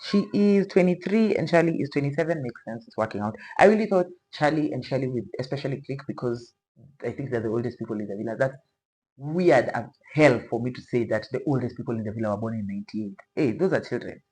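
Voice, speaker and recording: A woman's voice: extremely low pitch, fast, darkish tone, low-quality recording. A woman chatting casually as a reaction vlogger, rambling and playfully opinionated, with slang asides.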